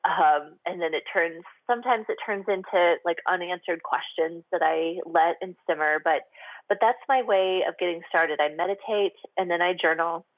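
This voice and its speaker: A woman hosts her own radio show and talks frankly about her life in a loose, confessional way, full of "like" and "um". Her voice sits a little low. It comes over a narrow, phone-like line with a dry sound and no room echo. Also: moderate pace. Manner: chatty and confessional, heavy with "like" and "um". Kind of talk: candid solo talk on a radio show.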